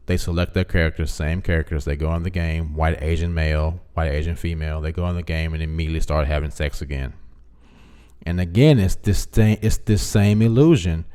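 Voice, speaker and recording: A man casually recapping a plot, acting out the characters' lines in an animated way. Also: low voice, clean tone. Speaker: commentary vlogger.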